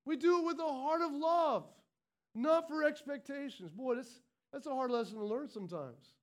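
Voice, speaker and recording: A man's voice: extremely high pitch, normal speed. A male pastor delivering a sermon, emphatic and repetitive, often restarting his sentences.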